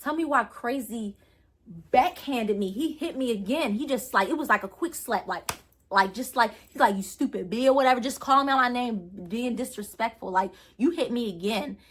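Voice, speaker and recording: A woman's voice: a little high, normal speed. A young woman vlogger telling a personal story in a rambling, earnest way, full of fillers and restarts. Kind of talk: storytime vlog.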